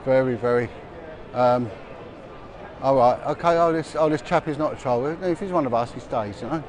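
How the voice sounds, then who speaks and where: At normal speed and medium pitch, a middle-aged man chats and rambles while walking through busy city streets for a livestream. He is a vlogger whose commentary is full of restarts and fillers, with street noise and passers-by in the background.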